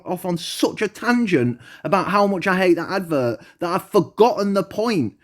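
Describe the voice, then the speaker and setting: A man's voice: high-pitched, moderate pace, few pauses. Profane ranting man. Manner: profane, heated and argumentative. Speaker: channel host. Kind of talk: ranting monologue vlog.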